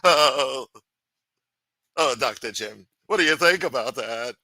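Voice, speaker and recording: A male livestream host rants in a sarcastic, profanity-laced tirade. His pitch swings widely and his tone is bright and cutting. The sound is close and dry. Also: lively intonation, takes it slowly, no room sound, poor audio. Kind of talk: ranting livestream commentary.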